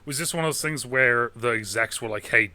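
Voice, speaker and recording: A man with a bright, forward voice rambles through casual movie talk, dropping swear words as he goes. He is recorded close and dry, with no room sound around him. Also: mid-range voice, a little fast, no room sound. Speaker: podcast host.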